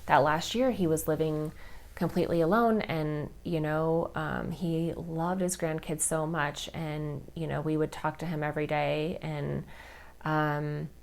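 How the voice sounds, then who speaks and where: Woman in her 30s, podcast host, slightly low voice, candid and heartfelt, loose chatty delivery. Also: fairly even intonation, measured pace. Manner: candid, heartfelt, many fillers like "like" and "you know". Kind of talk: personal storytelling podcast.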